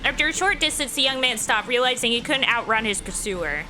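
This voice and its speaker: Woman let's play host, slightly high voice, expressive reader of game text. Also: brisk, soft background music. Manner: expressive, laughs often. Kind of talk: reading a visual novel aloud with commentary.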